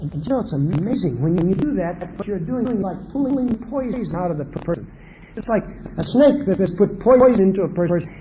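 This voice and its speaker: A man's voice: high voice, a little fast, background noise. A man giving a marriage seminar lecture, asking the audience question after question and acting out what parents and children say. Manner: animated, asks the audience many questions; acts out quoted parents and children. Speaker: seminar speaker.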